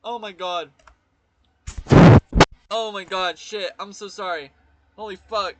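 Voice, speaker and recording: Emotional, swearing let's play streamer. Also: male voice, high-pitched, slow. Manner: openly emotional, swearing, exclaiming. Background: game music.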